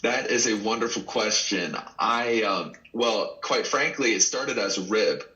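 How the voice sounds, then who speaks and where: A man from Dallas, Texas, a pro wrestler, telling stories in an earnest, animated way with many restarts in a casual interview. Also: fairly low pitch, measured pace, muffled recording.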